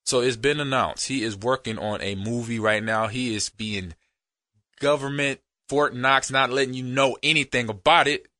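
A man co-hosting a podcast in easygoing, rambling casual chat that often drops to a low murmur. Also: moderate pace, pushed and bright, dry recording, studio quality. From United States. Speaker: podcast co-host.

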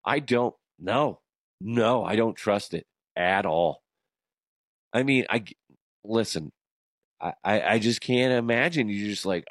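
A man's voice: on the low side, unhurried, long pauses, no room sound, studio quality. A man reading out listener messages on a comedy podcast, amused and laughing between lines. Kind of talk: casual comedic chat.

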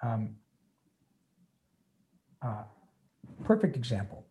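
A man's voice: medium pitch, big pitch swings, drawn-out words, mellow. An older man, a guest voice actor, telling a story in an interview in an earnest, emotional way, rambling with restarts.

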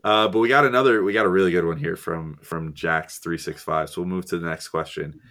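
Young guy with a lowish voice, chill joking podcast banter. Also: fairly quick, a bit bright. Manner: joking, laid-back banter. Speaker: podcast co-host. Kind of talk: casual chat.

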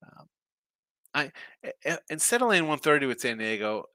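A man's voice: a little high, big pitch swings, moderate pace, pushed and bright, no echo. A man hosting a sports betting picks live stream, chatting casually, thinking aloud and answering viewer comments. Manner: rambling, thinking aloud, reacting to chat comments.

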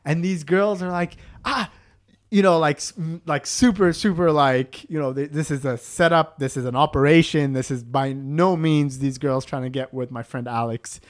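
Young man, high voice, casual storytelling, animated, lots of fillers. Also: normal speed, hardly any pauses.

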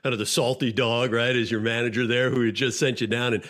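Measured male interview host. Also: medium pitch, little pitch movement, a bit bright. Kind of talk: interview questions.

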